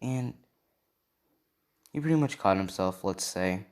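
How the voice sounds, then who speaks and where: A man's voice: low voice, lively intonation, unhurried. A man casually improvising a fan story, rambling along with lots of filler and checking in with the listener. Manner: rambling, many "and yeah" and "right?" fillers.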